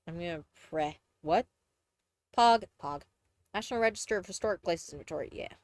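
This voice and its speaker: A woman's voice: on the low side, a little fast, a little mellow, no echo. A young woman from Texas with a mixed Southern and Midwestern accent, chatting casually on a live stream, rambling and correcting herself as she goes. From Texas, USA. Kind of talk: casual live-stream chat, reading aloud.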